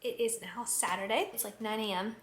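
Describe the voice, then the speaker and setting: A student vlogger in her twenties talks to camera from her kitchen and bedroom, a little fast, in a steady, fairly high voice. A faint hiss or hum sits under her chatty, giggly delivery, which is heavy on "like" fillers.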